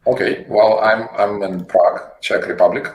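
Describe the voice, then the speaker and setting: A man, a company CEO guest, answering interview questions in a halting way, often repeating words while he searches for phrasing. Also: on the low side, fairly even intonation, lo-fi sound. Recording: echoey room with faint noise.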